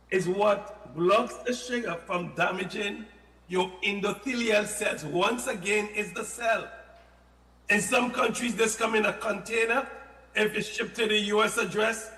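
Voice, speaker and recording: Man, high bright voice, animated health talk, playful asides, echoey room with long reverb. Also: a little slow. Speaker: health product guest. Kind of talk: casual radio-style health talk.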